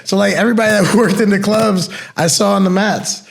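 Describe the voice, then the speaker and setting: His voice is high-pitched with vocal fry and fairly even intonation, moving a little fast. A young former bouncer co-hosting a podcast, he swaps laid-back, slangy tales of security work in casual chat, laughing in bursts.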